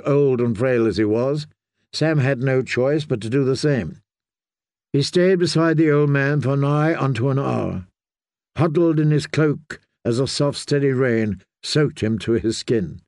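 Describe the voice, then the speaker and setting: A man's voice: mid-range voice, no echo. Man narrating a fantasy audiobook, dry. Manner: measured, steady storytelling. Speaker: audiobook reader.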